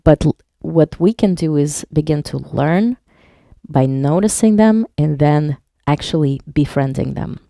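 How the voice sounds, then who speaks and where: Woman teaching a live workshop, low mellow voice, slight vocal fry, patient explainer, dry close sound. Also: lively intonation, measured pace, no echo. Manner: reads viewer chat aloud and explains patiently; plays on words while teaching. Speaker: hypnotherapist leading a workshop. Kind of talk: live online workshop talk.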